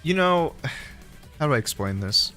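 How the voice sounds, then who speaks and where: A man's voice: fairly high pitch, sing-song, measured pace, bright, forceful tone. Giggly, joking male streamer. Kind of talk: casual chat. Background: faint background music.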